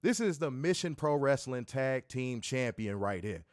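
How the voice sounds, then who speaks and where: A man's voice: medium pitch, expressive, a little slow, no room sound, studio quality. A man hosting an interview, hyping his guest up in a playful, repetitive patter. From not from the South, city raised. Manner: playful hype-man patter, repeats himself. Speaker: interview host. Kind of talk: hyped casual interview.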